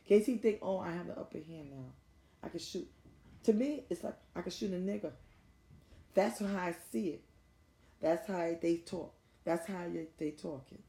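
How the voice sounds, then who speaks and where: Speaking in a lowish, gravelly, dark-toned voice, a distressed middle-aged woman from the United States addresses the camera directly. She repeats an urgent appeal as a grieving mother, with roomy echo around her.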